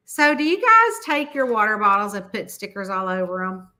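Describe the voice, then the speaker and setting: A middle-aged woman, chatting casually with viewers on a livestream about her books. She talks in an animated, chatty way and laughs often. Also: brisk. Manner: chatty, animated, laughs often, quotes people in high voices. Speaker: mystery author hosting a livestream.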